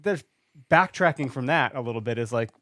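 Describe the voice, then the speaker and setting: A man co-hosting a podcast in a studio, chatting casually and telling stories with lively acted-out voices. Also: mid-range voice, fairly quick, no echo. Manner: animated storyteller, acts out voices. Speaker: podcast co-host. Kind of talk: casual chat.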